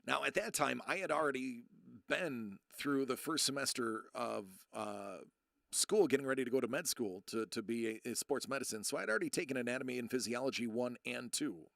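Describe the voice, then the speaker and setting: A man in his thirties rambling through a personal story to his live chat, often restarting and quoting people in a lowered voice. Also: a little fast, creaky, fairly bright tone, no echo, studio quality. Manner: rambling, self-interrupting, acts out quotes in a low voice. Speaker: streamer.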